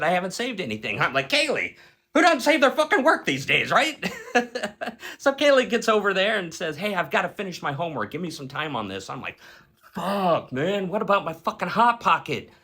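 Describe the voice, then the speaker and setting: Animated, cursing man telling a dream. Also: mid-range voice, slightly rough. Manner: profane, animated, laughs while telling. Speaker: storyteller recounting a dream. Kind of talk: casual spoken dream retelling.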